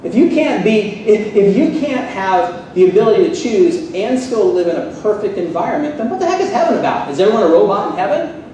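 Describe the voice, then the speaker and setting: A man's voice: sits high, brisk. Guy ranting sarcastic in a debate, big echoey hall, faint hum under it. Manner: sarcastic, animated, fired up. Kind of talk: live debate speech. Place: seminary hall. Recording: echoey hall, distant mic.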